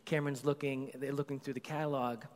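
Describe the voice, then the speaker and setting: A man's voice: mid-range voice, fast talker. A middle-aged man preaching a sermon as a pastor, telling stories about his kids in a casual, conversational way. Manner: conversational storytelling, animated when excited. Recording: long reverb of a large hall.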